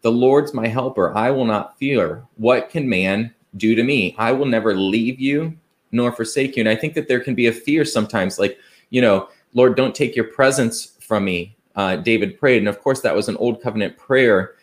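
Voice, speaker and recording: A man's voice: medium pitch, normal speed. A man preaching an earnest, conversational sermon, asking rhetorical questions and quoting scripture. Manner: conversational, with fillers and restarts.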